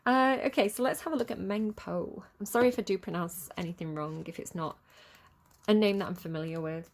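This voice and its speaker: A woman's voice: medium pitch, fairly quick, a little hiss or hum. A woman in her thirties giving a casual tarot reading, chatty and rambling, laughing often between her words. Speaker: tarot reader.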